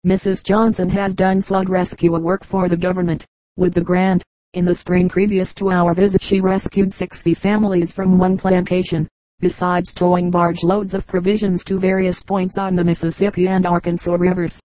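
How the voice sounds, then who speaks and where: Woman narrator, low flat delivery, mellow tone, dry close sound; steady audiobook reading. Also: normal speed, no room sound, rough recording. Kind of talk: audiobook reading of a travel memoir.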